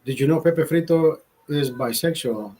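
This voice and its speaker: A man's voice: a little high, moderate pace, warm tone, husky, poor audio. A man hosting a casual livestream, rambling in a profane, stammering way with many restarts. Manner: laughs at own jokes. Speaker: livestream host.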